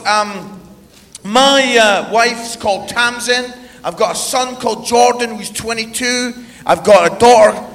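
A man's voice: extremely high pitch, big-room sound. A middle-aged Scottish man preaching with humor, telling a family story and checking in with the crowd with "yeah?". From Scotland. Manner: animated, tags lines with "yeah?".

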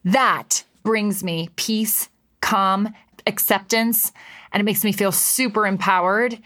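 A woman in her thirties talks alone into the mic for her podcast. She is earnest and impassioned, and she leans on repeated phrases to drive her points home. Her pitch sits in an ordinary middle range. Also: fairly even intonation, takes it slowly, fairly bright tone. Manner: earnest, impassioned, emphatic repetition. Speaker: podcast host and life coach. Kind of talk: solo podcast monologue.

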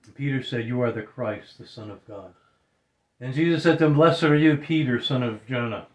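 Earnest preacher, roomy echo. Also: male voice, mid-range voice, normal speed, darkish tone, lo-fi sound. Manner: earnest, repeats phrases for emphasis. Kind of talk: sermon.

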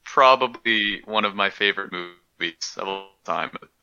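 A young man co-hosting a casual movie podcast, making deadpan jokes. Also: low-pitched, normal speed, vocal fry, clean tone, dry recording. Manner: deadpan jokes, laughs at himself. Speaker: podcast co-host. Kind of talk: casual chat. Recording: dull, lo-fi sound.

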